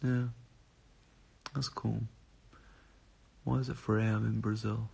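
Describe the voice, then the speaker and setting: A man's voice: lowish voice, level tone, slow pace, gravelly, a little mellow, breathy edge. A tired young man chatting casually on a live stream, reading out viewer comments and answering them in a rambling way with casual swearing. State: tired and up at odd hours.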